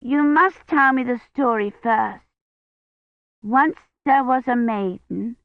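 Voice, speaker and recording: A woman's voice: on the high side, slow pace, no echo, dull audio, voice pushed up. A woman voicing Agnes, an insistent small girl, in an audiobook. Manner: insistent, demanding. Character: small eager girl child.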